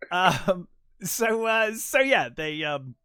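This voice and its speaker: A man co-hosting a casual film podcast, talking in an animated way and acting out his own reactions. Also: high voice, very slow, smooth, no room sound, clean studio sound. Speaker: podcast co-host.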